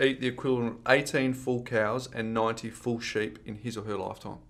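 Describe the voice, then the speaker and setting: A man's voice: mid-range voice, steady tone, brisk, fairly bright tone. An Australian man co-hosting a podcast, swapping trivia and banter in a jokey, casual chat. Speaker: podcast co-host.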